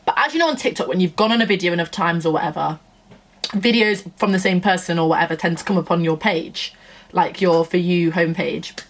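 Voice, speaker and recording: Chatty woman, lowish voice. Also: fairly quick. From Nottingham, England. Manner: chatty, gushing, acts out quotes. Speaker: vlogger. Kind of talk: casual storytelling chat.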